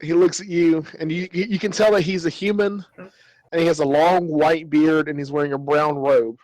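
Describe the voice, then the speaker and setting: Rambling male game master, slightly high voice. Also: fairly even intonation, normal speed, a little mellow, no room sound, rough recording. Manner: rambling, with many fillers and restarts. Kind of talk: narrating a tabletop game.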